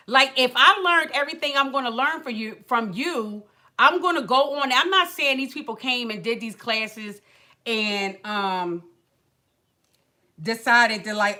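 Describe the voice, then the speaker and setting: Brief: woman livestream host, bright tone, chatty venting with lots of acted quotes. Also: on the high side, moderate pace. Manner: animated, colloquial storytelling with acted quotes and sighs. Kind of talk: casual chat, venting story.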